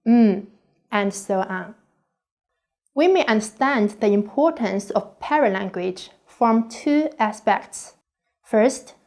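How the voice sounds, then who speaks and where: Slow, careful higher-pitched woman lecturing. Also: a little mellow. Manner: slow, deliberate, carefully enunciated. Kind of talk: scripted online course lecture.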